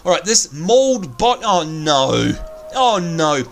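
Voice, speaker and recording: A man's voice: on the high side, big pitch swings, slow pace, creaky, soft background music. A man hosting a let's play, chatting through gameplay and panicking and yelping when he is scared. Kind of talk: gaming commentary.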